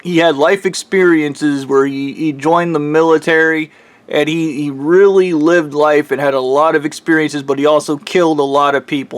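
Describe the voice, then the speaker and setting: Male vlogger, slightly high pitch, rambling, profane, frustrated casual monologue. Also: no echo. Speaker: vlogger recounting a dream.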